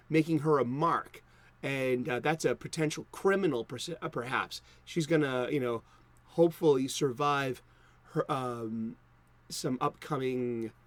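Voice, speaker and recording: A man hosting a comics video, talking unscripted in a loose, rambling way. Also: a little high. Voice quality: rambling, many fillers and restarts. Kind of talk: unscripted casual talk.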